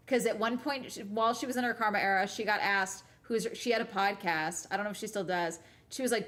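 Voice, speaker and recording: A woman's voice: mid-range voice, quick pace, few pauses, a bit bright. A young woman vlogger chatting casually, rambling and giggling with many fillers. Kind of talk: casual chat. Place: at home after a cruise.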